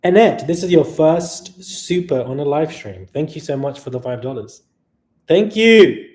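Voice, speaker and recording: A tired man hosting a long live stream, chatting casually and reading out viewer messages, sometimes loud and sometimes quiet. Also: on the high side, normal speed. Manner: chatty, laughing, shifts between loud and quiet. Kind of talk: casual live chat reading super chats.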